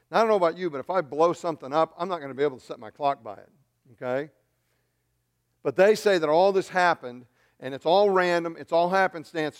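A man preaching a sermon, emphatic, asking rhetorical questions and swinging between loud and soft. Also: a little high, smooth. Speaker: pastor.

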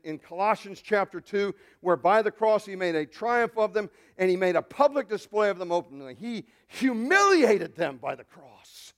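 A man preaching a sermon to his congregation, moving from loud, emphatic declarations to quiet, hushed asides and joking with the crowd. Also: sits high, clean tone. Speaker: pastor.

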